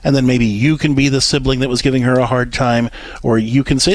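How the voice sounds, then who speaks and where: A man's voice: mid-range voice, steady tone, a little fast. A man co-hosting an advice talk show, counseling a caller on parenting and acting out what parents and kids say. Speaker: radio show co-host, counselor.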